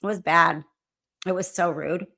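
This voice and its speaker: Bright-voiced woman chatting on a live stream. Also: on the low side, steady tone, a little slow, creaky. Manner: chatty, reads and answers viewer comments. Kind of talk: casual live-stream chat.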